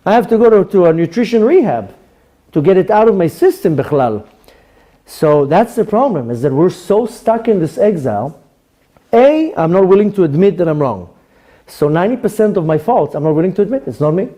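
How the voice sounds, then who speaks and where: A middle-aged man with an Israeli accent giving a sermon as a rabbi, lively and often acting out the voices of people he quotes. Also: high voice, fairly quick. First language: Hebrew. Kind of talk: Torah class sermon.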